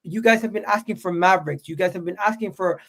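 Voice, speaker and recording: A man with a North American accent argues about football with a high voice. He is insistent and keeps restarting words. He sounds like a podcast host making his case. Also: quick pace, a bit bright. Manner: insistent, stammers and repeats himself when arguing. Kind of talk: heated football debate.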